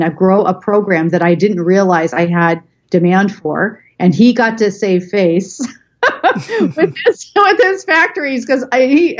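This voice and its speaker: A woman's voice: on the low side, dull audio. Chatty woman telling a business story. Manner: chatty, animated anecdote telling with laughs. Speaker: guest, business consultant. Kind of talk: storytelling in a podcast interview.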